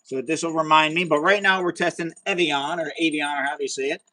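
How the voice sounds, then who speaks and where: A man hosting a casual livestream of chemistry experiments. He chats with viewers and cheers loudly when a result goes his way. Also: a little high, fast talker, rough recording. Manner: chatty and excitable, talks to viewers, cheers at results. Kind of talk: casual live science demo.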